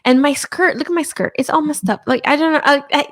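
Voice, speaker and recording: A woman's voice: high-pitched, quick pace, fairly bright tone. A woman with a Russian accent, a cosplayer guest chatting casually and laughing often. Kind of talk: casual chat. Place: Miami.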